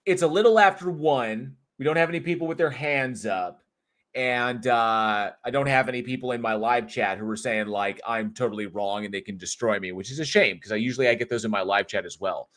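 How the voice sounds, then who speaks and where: A man at an ordinary middle pitch hosts a casual live online talk show. He chats, rambles and jokes with the audience, loose and unscripted. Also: brisk, a bit bright. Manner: chatty, jokey, rambling. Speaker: host.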